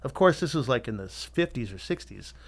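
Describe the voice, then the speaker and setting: A middle-aged man, a tattoo artist guesting on a podcast, telling his story in a candid, animated way and swearing freely. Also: medium pitch, a little fast, gravelly. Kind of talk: casual storytelling interview.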